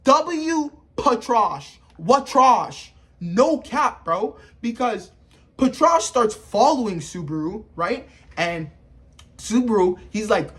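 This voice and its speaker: A man reviewing an anime episode in casual, excitable commentary, swearing freely and often checking in with his listeners. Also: very high voice, slow pace.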